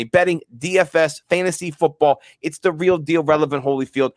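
A man co-hosting a casual fantasy football podcast, rambling and excitable, repeating words and plugging sponsors. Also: a little high, a little fast, dry recording, clean studio sound. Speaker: podcast co-host. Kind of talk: casual sports podcast chat.

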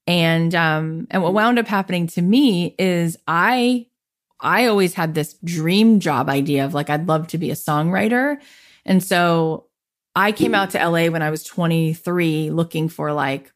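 A woman's voice: lowish voice, measured pace. A woman in her thirties, a podcast guest, telling her life story in an interview and acting out what people said to her. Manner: animated, acts out quoted voices in her story.

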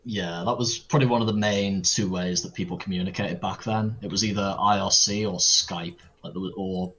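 A man's voice: deep voice, steady tone, a little fast, a bit bright, breathy edge, lo-fi sound. A British man guesting on a podcast in casual interview chat, with a dry, wry humour.

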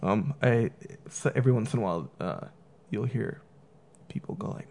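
A man's voice: on the low side, animated, normal speed, gravelly, darkish tone. A man in casual conversation, rambling with many fillers and acting out the people he quotes. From San Diego area.

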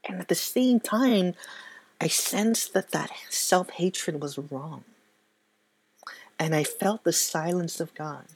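A woman giving a personal faith testimony in a soft-spoken, halting, reflective way. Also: on the low side, a little hiss or hum. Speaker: speaker sharing a faith testimony.

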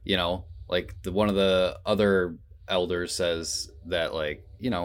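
Deep-voiced man chatting animatedly. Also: unhurried, hardly any pauses, smooth. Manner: animated, swears freely, acts out scenes. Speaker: podcast co-host. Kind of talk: casual film discussion.

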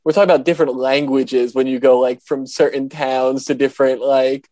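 A young man with a New Jersey accent, a guest on a casual podcast, talking in a quick, chatty way. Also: medium pitch, steady tone, dark tone, no echo. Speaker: podcast guest, company founder. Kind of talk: casual chat.

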